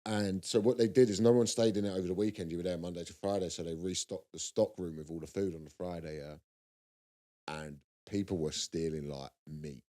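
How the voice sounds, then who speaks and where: A man's voice: deep voice, fairly even intonation, brisk, mellow. Laughing man telling rowdy stories. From South London. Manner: rambling, laughing at his own stories. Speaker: co-host. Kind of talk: casual comedic chat.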